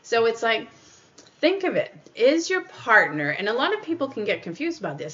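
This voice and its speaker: A woman's voice: on the high side, big pitch swings, normal speed, fairly bright tone, lo-fi sound, a little hiss or hum. A woman hosting her own podcast, giving earnest, casual life advice and often acting out what other people say. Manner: earnest, repeats points, acts out quoted people. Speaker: podcast host.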